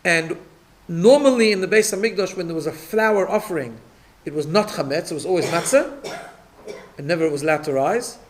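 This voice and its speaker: Rabbi giving a Torah class, fairly high voice, explains patiently, repeats words on restarts. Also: male voice, a little fast. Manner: explanatory, checks in with listeners. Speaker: rabbi teaching a weekly class.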